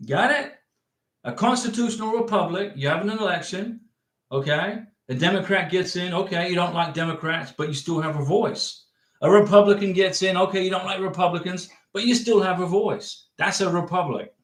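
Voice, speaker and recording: Here a man from the United States runs a livestream on visas, his high-set voice moving at normal speed through reverberant acoustics. Casual and chatty, he responds to viewer comments, wandering off and emphatically repeating himself.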